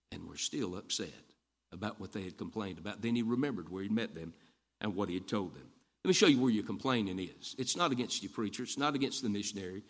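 A man preaching a folksy sermon, telling stories and repeating lines for emphasis. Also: on the low side. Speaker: Baptist preacher.

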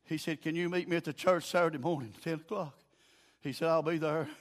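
An older man with a Southern US accent preaching a sermon in a folksy storytelling way, dropping low and quiet, then rising to shouts. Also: steady tone, brisk.

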